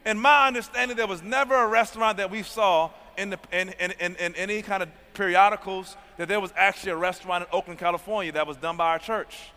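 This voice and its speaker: A man's voice: high-pitched, fairly even intonation, fast, hardly any pauses, bright, forceful tone. A man who is a pastor, preaching a sermon testimony, calling out to the congregation for responses. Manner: emphatic call-and-response preaching. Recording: long hall reverb.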